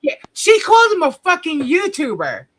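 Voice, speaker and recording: A woman's voice: very high voice, wildly swooping pitch, normal speed, slight background noise. A woman hosting a livestream, delivering a heated, profane, confrontational commentary rant. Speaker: livestream host.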